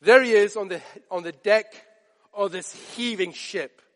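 A man preaching a sermon, dramatic, drawing out quoted lines slowly and softly for emphasis. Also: sits high, big-room sound.

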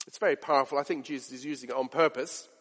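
A man preaching a sermon with passion, asking his listeners direct questions and swinging from loud to hushed. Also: mid-range voice, steady tone, very fast, long reverb tail.

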